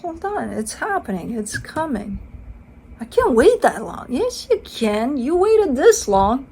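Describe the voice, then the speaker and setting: A woman's voice: high voice, big pitch swings, slow, dark tone, slight background noise. A woman giving a casual tarot card reading, chatty and playful, swearing casually and acting out the listener's side. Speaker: tarot reader.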